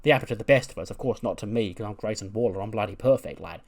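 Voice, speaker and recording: A man's voice: on the low side, quick pace, darkish tone. A man voicing an arrogant young male wrestler who boasts about himself and taunts others. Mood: smug.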